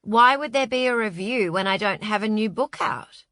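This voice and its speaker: A woman's voice: medium pitch, expressive, moderate pace, a bit bright, no room sound, lightly acted. A woman voicing a weary, prickly middle-aged novelist who speaks in a dry, curt, self-pitying way.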